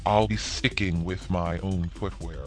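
A man playing a gruff, low-voiced grouchy rogue. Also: fairly even intonation, a little slow, soft background music. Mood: sarcastic. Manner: gruff, sarcastic, threatening. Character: grumpy, sardonic male rogue character. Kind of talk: comedic podcast sketch.

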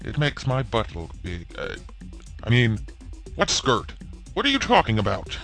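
A man voicing a grumpy, sardonic rogue character in a comedy podcast sketch, gruff and sarcastic. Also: medium pitch, expressive, takes it slowly, a bit bright, faint music behind.

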